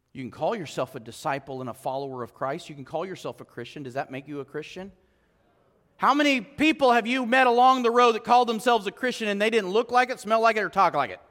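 A man preaching in a church sanctuary, his voice strikingly high and bright, carried by a long hall reverb. He talks to the congregation conversationally, firing off rhetorical questions and swinging between loud emphasis and quiet, low asides. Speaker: pastor. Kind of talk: sermon.

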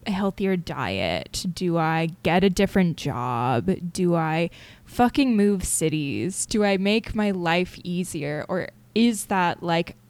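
A young woman hosting a personal solo podcast, talking candidly and haltingly with many fillers and restarts. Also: lowish voice, animated, a little mellow, clean tone, dry recording. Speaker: podcast host.

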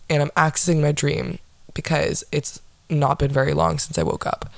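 This young podcast host has a lowish voice, recorded without echo, and chats solo in a casual, rambling way that's dry, sarcastic and profane.

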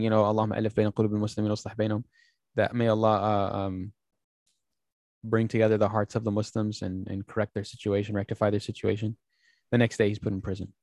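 Animated storytelling man, dry close sound. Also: on the low side, no room sound. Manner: animated storyteller, acts out quoted speech; many fillers and restarts. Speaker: podcast host. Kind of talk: casual podcast conversation.

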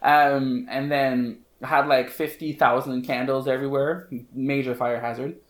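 A man, a hairstylist guest on a podcast, telling a story in an animated, casual way, full of fillers and repeated phrases. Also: mid-range voice, a little slow. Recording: roomy echo.

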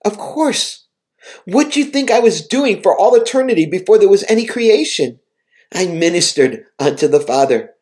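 A man voicing a gentle, welcoming male Jesus in a devotional reading, speaking warmly and encouragingly. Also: high voice, lively intonation, normal speed, voice pushed up. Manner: warm and encouraging.

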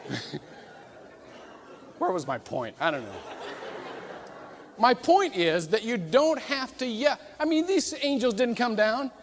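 A man preaching a sermon as pastor, animated and humorous, acting out quoted voices as he goes. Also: high-pitched, noisy background. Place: church sanctuary. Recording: reverberant church hall.

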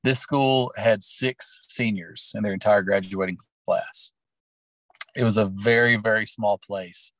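A man's voice: lowish voice, fairly even intonation, measured pace, fairly bright tone, rough recording. A middle-aged man from Oklahoma, a teacher and sports coach, telling personal stories in an interview in an earnest, heartfelt, rambling way. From Oklahoma, USA.

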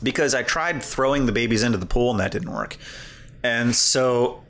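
A male podcast co-host with a mid-range voice tells a funny story at a moderate pace during casual chat. He's animated and keeps laughing through his own story as he goes.

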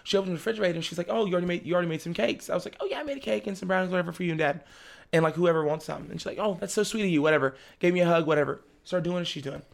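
A young man, a podcast guest, telling a story in casual chat, animated and laughing often as he acts out his family's lines. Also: high voice, racing, creaky. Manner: laughs often while talking.

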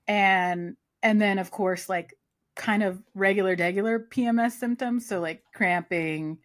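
A woman's voice: medium pitch, fairly even intonation, unhurried. A woman co-hosting a podcast, talking casually with many fillers and "like"s. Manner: chatty, lots of fillers and "like". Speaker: podcast co-host. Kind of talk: casual chat.

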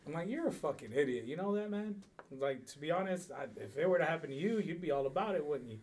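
A man's voice: fairly high pitch, expressive, fast, darkish tone, slightly rough. A man co-hosting a casual chat, telling a story in a laid-back, rambling way with frequent swearing. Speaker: podcast co-host.

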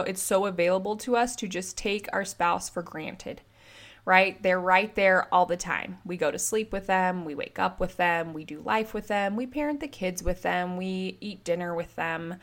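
A woman in her thirties talks straight to her listeners in a casual solo podcast. She tells stories in a chatty, animated way, with many "like"s, and her voice sits at a middle pitch. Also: normal speed. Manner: chatty, animated storytelling with frequent "like". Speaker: podcast host and relationship coach.

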